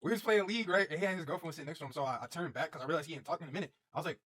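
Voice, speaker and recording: A young man spins a loose, rambling story for his stream at a quick clip. His voice sits a little high and has a husky edge. He swears freely and circles back over the same points. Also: fairly bright tone. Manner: rambling, profane, repeats himself. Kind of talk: casual storytelling.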